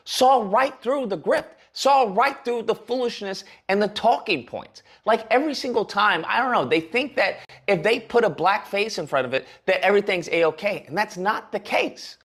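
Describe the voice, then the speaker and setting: A man's voice: sits high, expressive, normal speed, hardly any pauses, a bit bright, slightly rough. A man giving heated, sarcastic commentary on a livestream, ranting at length. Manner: heated, sarcastic, speaks in long rants. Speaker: political commentator.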